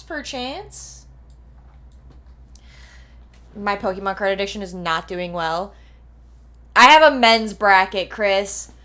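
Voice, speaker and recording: A woman's voice: mid-range voice, a bit bright. A woman in her twenties chatting casually on a livestream, rambling and playful, swearing now and then. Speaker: streamer.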